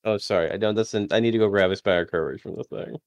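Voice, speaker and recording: A man's voice: fairly low pitch, fast talker, no room sound. Rambling man playing a tabletop game. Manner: rambling, self-deprecating, restarts a lot. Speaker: player. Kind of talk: casual tabletop game play over voice chat.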